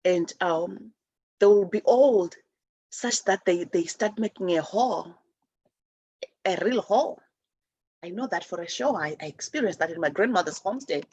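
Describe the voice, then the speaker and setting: A woman's voice: on the low side, animated, moderate pace, pauses often, mellow, slightly rough, no echo, dull audio. A woman from Zimbabwe hosting a spiritual talk show, speaking earnestly and rambling with many restarts. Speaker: host.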